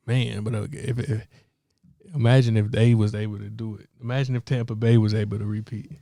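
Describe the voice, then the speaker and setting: A man's voice: fairly low pitch, flat delivery, brisk, gravelly, warm tone, no echo, studio quality. A young man, a pastor co-hosting a podcast, chatting loosely about football with a laugh and many restarts. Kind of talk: casual sports chat.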